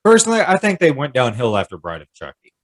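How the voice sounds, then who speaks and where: A man's voice: mid-range voice, wildly swooping pitch, fast, no room sound. A man in a casual chat, laid-back and agreeable, swearing now and then and sounding tipsy. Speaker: podcast co-host.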